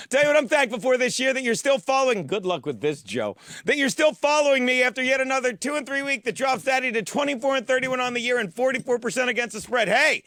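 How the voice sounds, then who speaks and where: A man hosting a comic football picks show in a studio, foul-mouthed and mock-boastful, now and then bursting into shouts. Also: extremely high pitch, expressive, quick pace, hardly any pauses, no echo. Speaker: host of a sports-betting picks show. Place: studio with a teleprompter.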